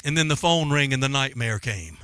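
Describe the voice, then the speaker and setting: A man's voice: mid-range voice, lively intonation, moderate pace, a bit bright, clean tone, no echo. A man preaching a sermon in a fervent, dramatic style. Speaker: pastor.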